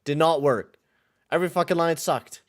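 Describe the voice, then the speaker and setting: A man's voice: fairly high pitch, moderate pace. A man from western Canada hosting a casual live hockey play-by-play podcast, swearing and complaining in exasperation. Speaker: podcast host and play-by-play caller.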